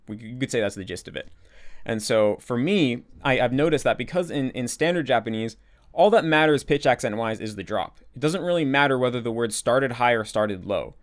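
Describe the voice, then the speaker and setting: A man hosting a casual Q&A, explaining at length with many restarts and repeated words, and acting out his own thoughts as quoted asides. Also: mid-range voice. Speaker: language-learning channel host.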